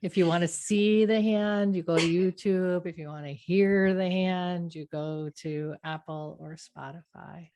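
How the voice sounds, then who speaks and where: A woman's voice: fairly low pitch, fairly even intonation, measured pace, few pauses, warm tone. A woman hosting a podcast, giving a motivational talk and often checking in with "right?". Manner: repetitive, asks "right?" often. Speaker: podcast host.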